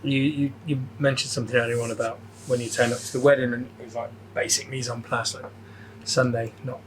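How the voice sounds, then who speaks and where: A man's voice: mid-range voice, level tone, fairly quick, slight background noise, low-quality recording. A man chatting casually as a podcast co-host, telling a rambling story full of swearing and stammered restarts. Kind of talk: casual chat.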